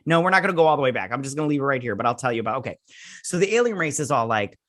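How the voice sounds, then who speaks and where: A man's voice: medium pitch, expressive, racing, fairly bright tone, dry recording. A man hosting a video review, sarcastically recapping an episode in a casual, mocking rant. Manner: sarcastic, mocking, acts out characters in silly voices.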